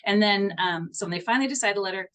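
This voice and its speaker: A middle-aged woman appears as a guest homeopath in a podcast interview, speaking fast at an ordinary pitch with a slightly bright voice. She tells stories earnestly and animatedly, often stopping to restart a phrase.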